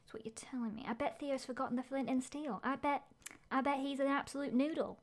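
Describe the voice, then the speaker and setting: A woman streaming a game live, chatting excitedly and narrating her own play aloud as she goes. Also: high-pitched, quick pace.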